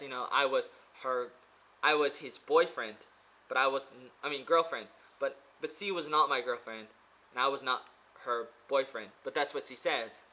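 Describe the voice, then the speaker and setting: A man's voice: medium pitch, sharp tone, slight background noise, rough recording. A man vlogging from a pagoda in a rambling, casual monologue. He hesitates often, with many fillers and restarts.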